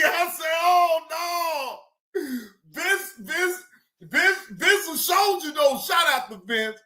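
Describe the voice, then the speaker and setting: A man ranting loudly on a livestream, shouting and cursing as he retells chat exchanges. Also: very high voice, expressive, slow pace, roomy sound. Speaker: streamer reacting to clips. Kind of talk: loud profane livestream rant.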